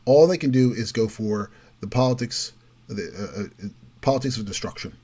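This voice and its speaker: A man's voice: medium pitch, moderate pace, dark tone, husky. A man hosting a political commentary show, delivering an opinionated monologue and mocking others with quoted voices. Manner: emphatic, mocking quotes in raised voice.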